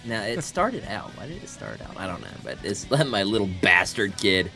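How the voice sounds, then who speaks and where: A woman co-host reads silly letters and jokes around, her voice swooping wildly between high and low. Faint music plays under her. Her delivery is playful and theatrical. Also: wildly swooping pitch, normal speed, gravelly, pushed and bright. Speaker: co-host reading comedic letters. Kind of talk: comedic reading and banter.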